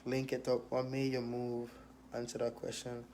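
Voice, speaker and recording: A young rapper with a Virgin Islands accent casually reads out questions and answers them in a streetwise, laid-back manner. His mid-range voice is completely flat, at normal speed and a little mellow, with slight background noise.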